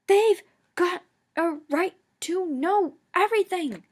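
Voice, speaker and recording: A woman's voice: high-pitched, lively intonation, brisk, a little mellow, pitched above the performer's own voice. A woman voicing a stern male teacher who roars and pants as he argues. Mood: urgent. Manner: roaring, panting. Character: stern male teacher friend, roaring urgently.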